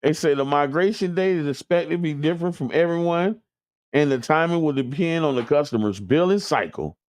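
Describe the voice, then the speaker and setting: A man's voice: on the high side, expressive, a little fast, no echo, studio quality. A man from the Tampa Bay area, hosting a community radio show in loose, joking chat aimed straight at listeners. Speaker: radio host. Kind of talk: casual talk radio chat.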